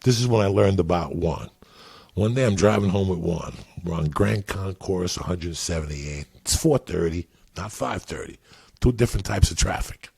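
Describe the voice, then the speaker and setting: A man in his fifties with a deeply gravelly voice tells stories in casual podcast talk. His tone is rough and breathy, and his delivery is loud and animated, full of swearing and repeated words. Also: moderate pace. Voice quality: gravelly, husky. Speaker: podcast guest, comedian. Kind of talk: profane storytelling in casual chat.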